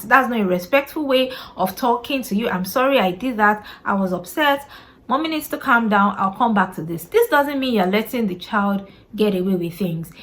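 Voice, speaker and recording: A woman's voice: on the high side, sharp tone. A woman hosting a parenting podcast, talking casually and earnestly to listeners, often asking herself rhetorical questions and checking in with "you know" and "right?". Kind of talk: casual advice talk to camera.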